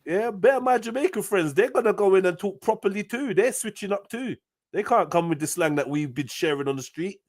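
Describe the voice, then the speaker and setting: A man in casual chat, animated and slang-heavy, dropping low and soft then rising loud and high. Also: a little fast, dry recording. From United Kingdom. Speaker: livestream host.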